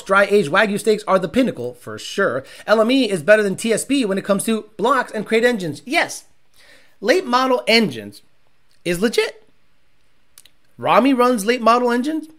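A young man with a high-pitched, fairly bright voice hosts a casual car-tuning livestream. He answers viewer questions bluntly and profanely, cracks jokes, and mocks others in put-on voices.

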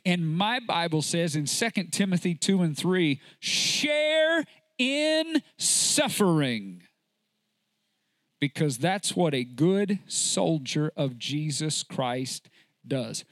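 A man's voice: fairly high pitch, slow pace, no echo, clean studio sound. A man preaching a sermon to a congregation, emphatic and full of rhetorical questions.

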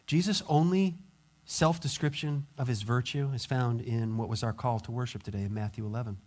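A pastor preaching a sermon, acting out quoted voices and dropping to quiet intensity. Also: male voice, mid-range voice, a little fast.

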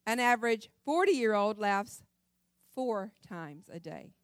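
A middle-aged woman giving a humorous devotional talk at a church women's session, animated and laughing often. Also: mid-range voice, slow, no room sound, clean studio sound.

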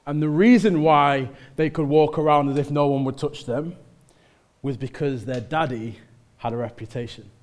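A male preacher with a Mancunian accent, giving a conversational sermon that builds to loud exhortation in church. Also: fairly high pitch, normal speed.

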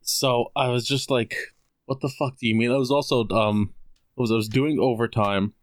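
Casting: male podcast co-host, sweary and animated, mid pitch, dry sound. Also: moderate pace, no room sound. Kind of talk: casual chat.

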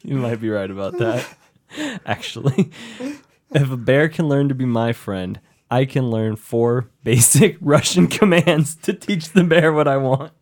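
A man's voice: mid-range voice, lively intonation, unhurried. Male podcast co-host, mid-range voice, jokey and loose, laughs a lot. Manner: joking, laughs often, rambling bits. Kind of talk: casual comedic chat.

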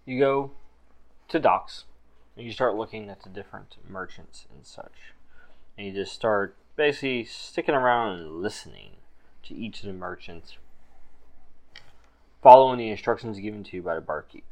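A man's voice: on the low side, normal speed, long pauses, darkish tone. A man narrating as game master of a tabletop game, describing scenes in loose, easygoing storytelling.

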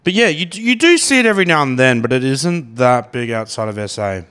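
A man's voice: mid-range voice, lively intonation, brisk, fairly bright tone, clear, resonant tone. Australian male podcast host, rambling casual chat, restarts a lot. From Brisbane, Australia. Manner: rambling and chatty, often repeats words.

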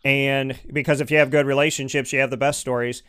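A man hosting a sports talk show, arguing his views in an animated, rambling way with lots of restarts and "you know". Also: mid-range voice, brisk, clear, resonant tone, no room sound, studio quality. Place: home studio. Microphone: studio microphone.

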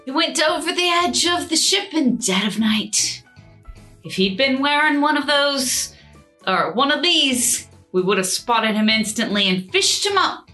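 A woman's voice: high voice, sing-song, unhurried, sharp tone, soft background music, pitched above the performer's own voice, exaggerated voice. A woman voicing a pirate crewmate in a drawling, Southern Belle-style pirate voice. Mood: mournful. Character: female pirate mourning a lost crewmate. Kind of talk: podcast pirate character bit.

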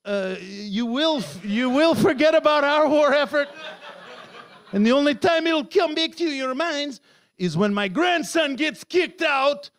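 A man's voice: very high-pitched, a bit bright, voice pushed up, full character voice. A man doing an aggrieved Polish fighter pilot. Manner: broken, indignant speech.

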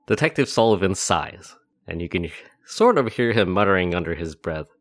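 A man's voice: low voice, big pitch swings, moderate pace. A man narrating a tabletop game as game master, in a casual way with many fillers.

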